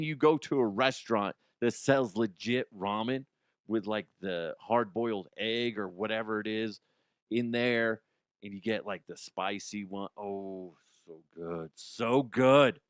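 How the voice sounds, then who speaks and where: A man's voice: on the low side, a bit bright, no echo, studio quality. A man hosting a comedy news podcast, chatting casually in a rambling way, swearing freely and restarting his sentences. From Colorado, USA.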